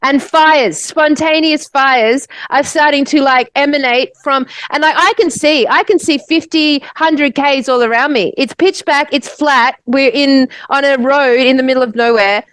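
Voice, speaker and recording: An Australian woman, a podcast co-host, telling a long story in casual chat, animated and swearing, restarting her sentences. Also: high-pitched, normal speed, few pauses, no room sound.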